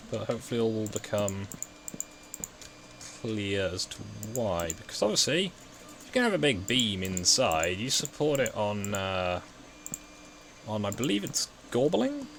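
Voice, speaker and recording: Rambling Midlands man, low voice. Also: creaky, slight background noise. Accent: English Midlands. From England, West Midlands. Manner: rambling, self-mocking, thinks aloud while building. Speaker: gaming video host. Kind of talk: casual gameplay chat.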